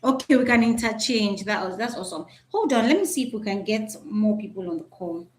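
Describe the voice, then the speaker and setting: A woman's voice: mid-range voice, brisk. A woman teaching a live online class over a video call, chatty and often checking in with "right?". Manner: chatty, repeats "right?", asks the audience.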